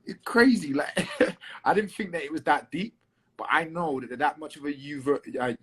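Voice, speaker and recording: Chatty husky Englishman with a London accent. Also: a little high, moderate pace, fairly bright tone. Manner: chatty, swears, fills with "um" and restarts. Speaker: guest fighter. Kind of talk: casual interview chat.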